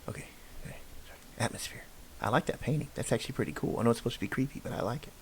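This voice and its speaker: A man's voice: medium pitch, rapid-fire, whispered. A man giving rambling, self-deprecating reaction commentary on videos, often restarting his sentences, recorded on a new microphone. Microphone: new studio microphone.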